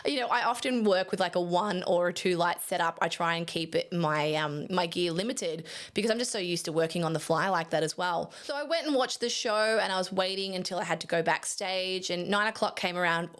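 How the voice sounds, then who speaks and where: A young adult woman photographer tells a story straight to camera in an easy, chatty way. Her voice sits a little low for a woman, and she keeps it animated, laughing at herself now and then. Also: brisk, hardly any pauses.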